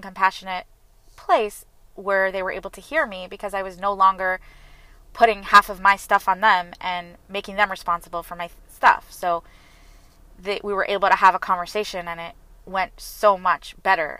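A woman speaks in an earnest, confessional way, her bright and forceful voice pushing her words forward. The recording is dry and close, with no room sound around her. She talks like a self-help speaker sharing her own story. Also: medium pitch, flat delivery, moderate pace, dry recording, low-quality recording. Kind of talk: personal reflective talk.

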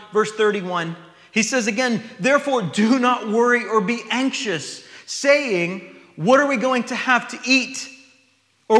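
Guy preaching a sermon, really high bright voice, reads verses then chats about them, long hall echo. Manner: reads scripture then explains it conversationally.

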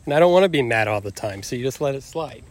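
A man's voice: mid-range voice, lively intonation, fast. A man co-hosting a podcast, talking in an easygoing, reflective way in casual chat. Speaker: podcast co-host.

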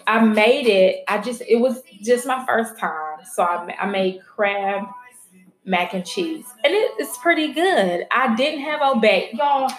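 A woman vlogging casually to her viewers, frank and chatty, swearing freely as she talks straight to them. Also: mid-range voice. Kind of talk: casual chat to camera. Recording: roomy echo with faint music.

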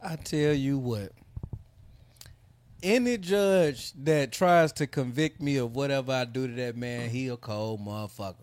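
A man's voice: mid-range voice, unhurried, darkish tone, smooth. A man speaking bluntly and profanely in a casual podcast chat.

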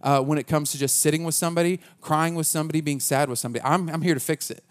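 Earnest pastor with a slightly high voice. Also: male voice, steady tone, very fast. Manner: casual, earnest, with frequent restarts. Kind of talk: conversational sermon.

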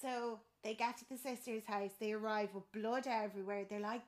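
With a slightly high, steady voice at a moderate pace, a woman casually retells a film's plot, getting animated and performing the characters' dialogue.

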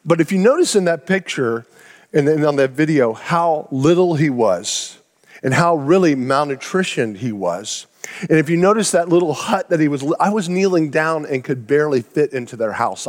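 A man with a high voice preaching in a church sanctuary. He tells his story earnestly and acts out the quotes. Long reverb trails off every phrase. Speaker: pastor. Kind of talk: sermon.

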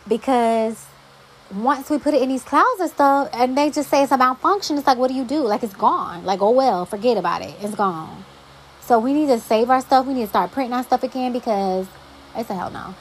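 A young woman hosts her own podcast and chats on her own in a fairly high voice. She talks emphatically, with exasperated asides. A faint hum of noise sits behind her. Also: a little fast, low-quality recording. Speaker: podcast host. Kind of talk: casual solo podcast monologue.

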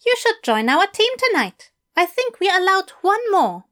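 A woman's voice: very high-pitched, sing-song, unhurried, a bit bright, voice pushed up, full character voice. A woman voicing a fussy, courteous male English teacher who talks in a formal, effusive way. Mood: eager.

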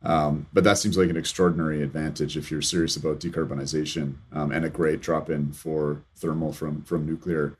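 A man from Canada with a very deep, husky voice hosts an interview. He talks quickly. His questions are thoughtful and probing. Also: flat delivery. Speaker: interview host.

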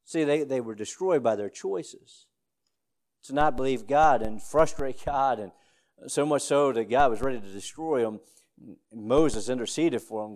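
A middle-aged man delivering a Sunday school sermon in a plain, mid-pitched voice. His teaching runs halting, full of restarts and fillers. When he quotes scripture he climbs to loud, emphatic peaks. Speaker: pastor.

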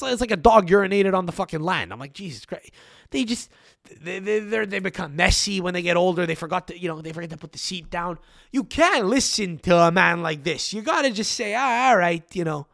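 A man's voice: on the high side, gravelly, fairly bright tone, no echo, clean studio sound. A young man hosting a solo podcast, ranting with frequent swearing and exasperated asides. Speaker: podcast host.

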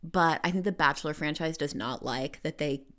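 A woman's voice: sits low, moderate pace, fairly bright tone. A woman talking as a podcast guest in casual chat, enthusiastic and full of "like" fillers.

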